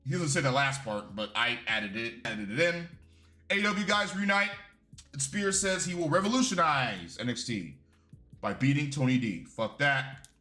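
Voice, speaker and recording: Bright-voiced, profane male wrestling reviewer. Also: on the high side. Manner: profane, animated and opinionated. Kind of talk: casual video review.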